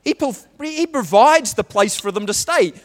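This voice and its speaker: Man, pastor, conversational sermon, many restarts, high voice, long church-hall reverb. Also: expressive, moderate pace. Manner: conversational, with frequent restarts and questions to the congregation.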